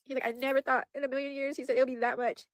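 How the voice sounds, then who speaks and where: A young woman speaks quickly to her viewers in a casual vlog, with a slightly high voice. She sounds worried and upset, circling back over the same points and filling her speech with "like" and "you guys." The recording is dry and close. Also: little pitch movement, dry recording. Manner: rambling, repeats herself, heavy use of "like" and "you guys". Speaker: vlogger.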